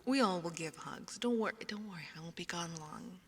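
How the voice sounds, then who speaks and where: A young woman chatting casually with her stream viewers, often dropping into a soft whisper, recorded on a binaural ASMR microphone. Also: on the low side, a little fast, in a large hall, a little hiss or hum.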